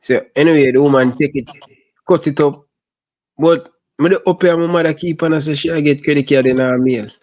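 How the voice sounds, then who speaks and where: A man with a Jamaican accent hosting a casual chat, telling stories in relaxed patois. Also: on the high side, fairly quick.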